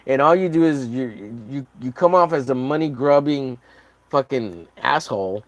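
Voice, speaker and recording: A man's voice: medium pitch, moderate pace, no echo. A man chatting casually on a livestream while drawing, rambling and joking with lots of swearing. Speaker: artist streaming a drawing session.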